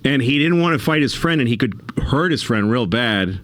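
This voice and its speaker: A middle-aged man, a comedian guest on a podcast, telling a story in casual conversation, animated and self-mocking, laughing between lines. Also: medium pitch, normal speed, dry recording. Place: podcast studio.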